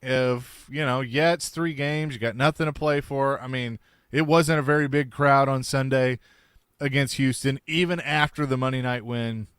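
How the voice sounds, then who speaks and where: A man hosting sports talk radio, reading listener texts and giving brisk opinions. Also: mid-range voice, fairly even intonation, fairly bright tone, clear, resonant tone, no echo, studio quality.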